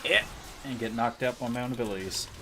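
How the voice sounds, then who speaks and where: A man's voice: mid-range voice, quick pace, noisy background. A man live streaming a game, rambling and joking to himself and his viewers in casual chatter. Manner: rambling, joking, self-mocking.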